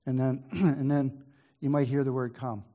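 Here a man gives a casual Bible study: he reads the ancient verses evenly, then muses aloud with asides and restarts, occasionally clearing his throat. His mid-range voice moves at a normal speed, and the high frequencies are cut off.

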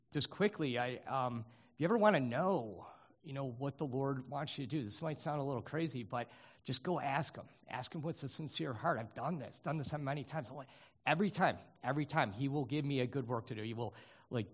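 A middle-aged man giving an informal sermon to his congregation, earnest and halting, with many fillers and restarts. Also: medium pitch, slightly rough. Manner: earnest, grows animated. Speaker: lay preacher.

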